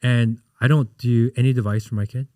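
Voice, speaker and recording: A man in his thirties, a podcast guest, chatting casually and telling animated stories in which he acts out what people said. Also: medium pitch, fairly quick, no room sound, studio quality. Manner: animated storyteller, acts out quotes. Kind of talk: casual interview chat.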